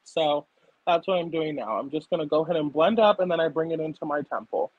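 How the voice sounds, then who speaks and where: A young woman chatting casually as she walks through a makeup tutorial on camera, full of fillers and quick to burst out laughing. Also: deep voice, expressive, dry recording, phone-quality sound. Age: young adult. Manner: chatty, filler-heavy, breaks into loud laughter. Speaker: makeup artist guest. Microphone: laptop or phone camera.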